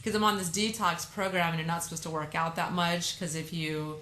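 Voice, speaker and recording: A woman's voice: lowish voice, flat delivery, a little fast, bright, forceful tone. A woman hosting a podcast in casual chat, chatty and self-deprecating, with stumbles and restarts. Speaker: podcast host. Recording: roomy echo with faint noise.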